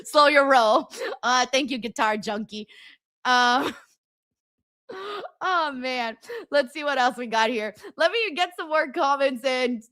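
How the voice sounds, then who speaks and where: A high, bright woman's voice hosting a relaxed live stream chat. She giggles often, jokes around and reads viewer comments aloud in a casual, playful way. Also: slow, long pauses, no room sound, studio quality. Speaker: host.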